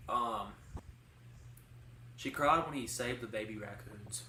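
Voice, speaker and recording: A man's voice: on the low side, slow pace, pushed and bright. A young man co-hosting a podcast, rambling through casual stories in a chatty way, full of fillers. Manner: rambling, chatty storytelling with many likes. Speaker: podcast co-host. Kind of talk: casual chat. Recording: roomy sound from a distant mic with faint hiss.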